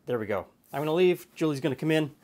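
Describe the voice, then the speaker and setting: A man hosting a cooking show, explaining a blind tasting in a relaxed, plain-spoken way from his studio. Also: fairly high pitch, fast. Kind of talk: casual tasting chat. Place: home studio kitchen.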